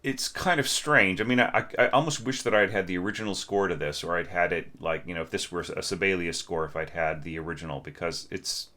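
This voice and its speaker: A man's voice: low voice, quick pace, hardly any pauses, sharp tone. A middle-aged man teaching orchestration, talking through a student's score and humming the phrases he means. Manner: sings phrases to illustrate, thinks aloud with restarts. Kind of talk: spoken critique of a score.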